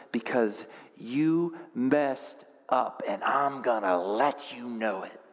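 Animated male pastor in a reverberant hall. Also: mid-range voice. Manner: animated storytelling, swings from quiet to loud; self-deprecating humor. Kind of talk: sermon.

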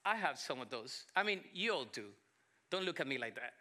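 Bright-voiced Colombian pastor preaching. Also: male voice, a little high, expressive. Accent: Colombian Spanish, with South Texas English. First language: Spanish. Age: 40s. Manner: emphatic preaching with pauses, drops to soft asides. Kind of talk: sermon.

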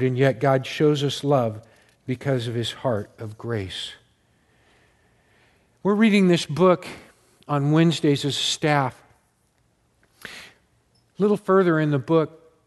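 Slow, earnest preacher man. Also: a little high, darkish tone. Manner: slow, earnest storytelling with emphatic repetition. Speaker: pastor. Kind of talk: sermon.

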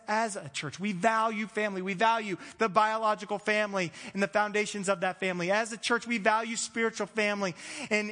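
High-voiced pastor preaching in a reverberant hall. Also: male voice, bright, forceful tone. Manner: conversational, self-deprecating humor with frequent restarts. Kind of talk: sermon. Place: large church hall.

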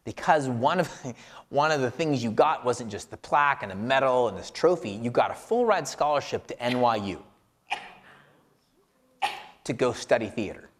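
A man's voice: mid-range voice, animated, normal speed. A man casually telling a self-deprecating personal story, rambling, with many filler words. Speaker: podcast co-host reflecting on scripture.

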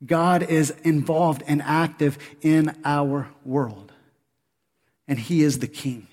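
A man preaching a sermon as pastor, animated, with rhetorical questions to the congregation. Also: fairly high pitch, takes it slowly. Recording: long hall reverb.

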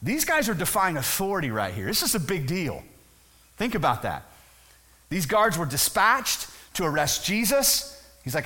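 A man's voice: sits high, huge pitch swings, normal speed, sharp tone. A male pastor preaching a conversational sermon, briefly acting out the voices of the people in his story. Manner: conversational, acts out voices of the crowd.

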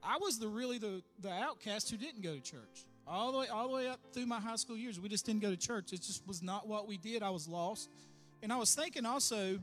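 Male, 50s, high-pitched, relaxed reminiscing testimony, soft music underneath. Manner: conversational, reminiscing. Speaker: church member leading prayer. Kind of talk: personal testimony. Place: church sanctuary.

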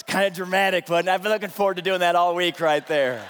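Man, pastor, high-pitched, theatrical preacher, long hall reverb. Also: brisk, hardly any pauses, slight background noise. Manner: animated, dramatic storyteller who shouts punchlines. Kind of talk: humorous sermon storytelling.

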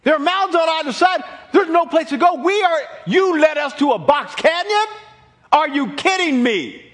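A man playing a panicked crowd of Israelites shouting accusations at their leader. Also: very high voice, lively intonation, normal speed, pitched above the performer's own voice.

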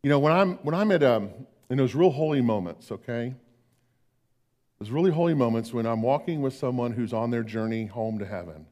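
An older man preaching a sermon as pastor, swinging between emphatic declarations and hushed, slow tender passages. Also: mid-range voice.

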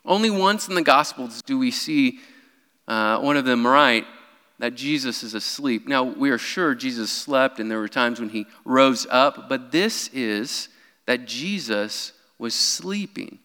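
A young man preaching a sermon in a church, animated, with his voice rising whenever he quotes someone crying out. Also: medium pitch, measured pace, clear, resonant tone. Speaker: pastor. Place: church sanctuary. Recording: long hall reverb.

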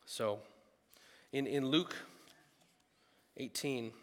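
A man preaching a sermon in a lively, animated way, breaking into loud bursts when he acts out what people think. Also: medium pitch, very slow, long reverb tail. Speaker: pastor.

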